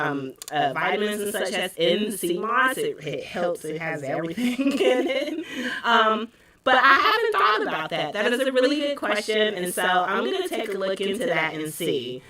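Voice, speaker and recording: A woman who hosts a livestream and owns a spiritual shop runs a casual Q&A in a bright, sharp, medium-pitched voice. She's chatty, laughs often, and uses many fillers and restarts. Sitting back from her computer mic, she sounds a little distant, though the audio stays dry with no room echo.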